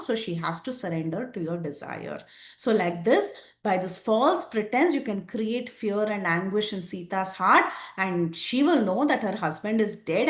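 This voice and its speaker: A woman voicing a smug, scheming male demon counselor who lays out a trick with eager, rising excitement, in a roomy, echoing space. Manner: excited, persuasive, pitch rising. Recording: roomy echo.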